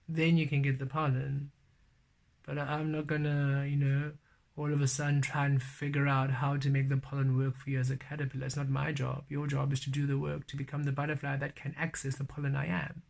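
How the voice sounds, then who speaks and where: Male tarot reader, earnest and stern, slightly high, flat delivery. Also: fairly quick, gravelly. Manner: earnest, stern spiritual advice, repeats phrases. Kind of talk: weekly tarot reading.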